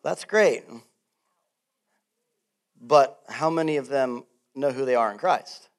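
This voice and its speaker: A middle-aged man preaching a sermon as pastor, animated and laughing often, swinging between loud bursts and soft asides. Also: mid-range voice, slow.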